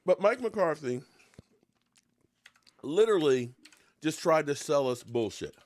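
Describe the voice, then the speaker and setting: A man hosting a casual sports talk show, ranting and joking in an animated way while eating pie, swinging between low mutters and loud outbursts. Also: takes it slowly, no echo.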